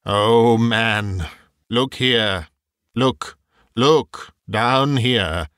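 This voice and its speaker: A man voicing a sorrowful male spirit who grows old through the night, speaking gravely in a storybook reading. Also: fairly low pitch, takes it slowly, fairly bright tone, dry recording, clean studio sound. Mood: urgent.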